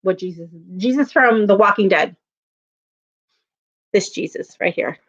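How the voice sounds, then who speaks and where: A woman's voice: mid-range voice, unhurried, a bit bright, lo-fi sound. A woman hosting a casual livestream, chatting with viewers, venting and laughing often. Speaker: livestream host reading chat.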